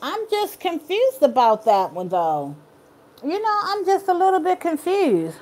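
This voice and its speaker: A woman's voice: very high-pitched, wildly swooping pitch, unhurried, a little mellow. A woman hosting a casual live chat, reading viewers' comments aloud and talking to them in an earnest, encouraging way. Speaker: live stream host.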